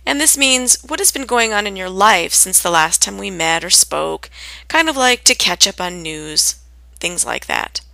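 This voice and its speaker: A woman gives a lesson on everyday English greetings, her tone bright and a little sharp. She speaks clearly and deliberately, lifting her voice to act out each example phrase. The recording is dry and close. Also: mid-range voice, lively intonation, no room sound. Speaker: English teacher. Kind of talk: scripted lesson on spoken greetings.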